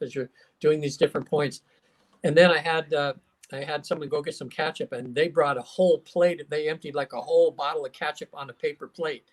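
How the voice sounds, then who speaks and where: A man with a somewhat higher voice tells his stories casually and with animation. He slips into the voices of the people he quotes and fills his talk with "you know" and "um." He sounds like a guest chatting on a call. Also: fairly quick. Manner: animated storyteller, acts out quotes, many fillers. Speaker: hypnotherapist guest. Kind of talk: casual storytelling interview.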